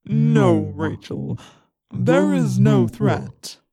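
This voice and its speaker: A woman voicing a vast ancient godlike male being, speaking slowly and solemnly in a deep, gravelly voice. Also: huge pitch swings, warm tone, dry recording, clean studio sound, exaggerated voice. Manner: slow, solemn and commanding. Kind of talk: audiobook reading.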